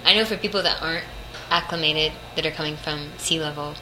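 A woman's voice: low voice, a little fast. Young female voice actress, rambling interview chat, noisy background hum. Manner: chatty, rambling, laughs often. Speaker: voice actress guest. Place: hotel room at a convention. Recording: noisy room ambience.

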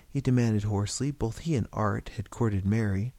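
A man's voice: fairly low pitch, normal speed, few pauses, dark tone, no room sound. A man reading a story aloud, narrating with occasional slips and restarts.

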